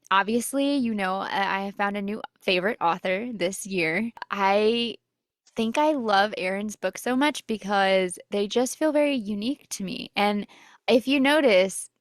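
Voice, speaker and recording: A woman's voice: mid-range voice, dry recording, clean studio sound. A young adult woman co-hosting a book podcast, talking casually and enthusiastically about favorite reads. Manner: enthusiastic, chatty. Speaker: podcast co-host.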